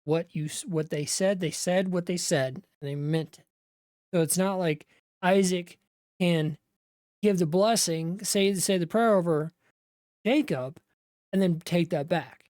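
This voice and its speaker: A woman's voice: fairly low pitch, measured pace, a little mellow, dry recording, clean studio sound. A woman, a Bible teacher, retelling scripture in a conversational way, with asides to the viewer.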